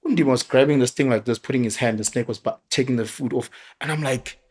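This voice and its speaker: A middle-aged man with a South African accent, telling animated parenting stories in a casual podcast chat. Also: medium pitch, fast, breathy edge. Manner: animated storyteller, mixes local words into his talk. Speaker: father sharing parenting stories.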